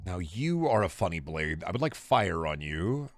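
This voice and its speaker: A man streaming a game, chatting casually with viewers in animated, profane bursts. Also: sits low, normal speed, no echo. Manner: animated, swearing, mock-scolding outbursts. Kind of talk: casual gameplay commentary.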